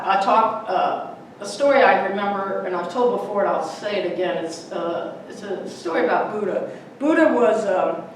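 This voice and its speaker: A middle-aged woman giving a Sunday talk in a church, a lively storyteller who acts out the voices in her anecdotes. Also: mid-range voice, a little hiss or hum. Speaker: guest speaker. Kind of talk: Sunday talk with personal stories. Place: church sanctuary. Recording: echoey hall, mic from far off.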